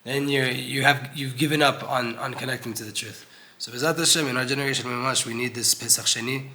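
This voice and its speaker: Bright-voiced man giving an earnest Torah class. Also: mid-range voice, steady tone, quick pace. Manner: earnest, conversational, acts out quoted voices. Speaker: Torah teacher. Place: old synagogue.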